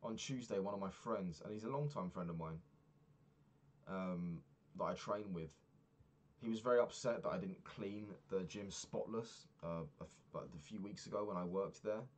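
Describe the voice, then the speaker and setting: Low-voiced man ranting in a vlog. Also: normal speed. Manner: rambling, profane ranting. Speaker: vlogger. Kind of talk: casual diary vlog.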